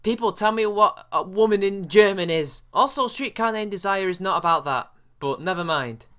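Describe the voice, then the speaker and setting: Sarcastic British man with a bright voice. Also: high voice, moderate pace. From England. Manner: mocking, profane, exasperated. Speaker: commentary video host. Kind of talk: sarcastic reaction commentary.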